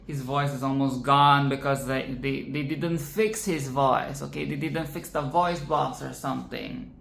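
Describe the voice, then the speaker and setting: A vlogger giving casual film commentary in a dramatic, animated way, swearing freely and repeating phrases for emphasis. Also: mid-range voice, measured pace, vocal fry. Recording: roomy echo with faint ambience.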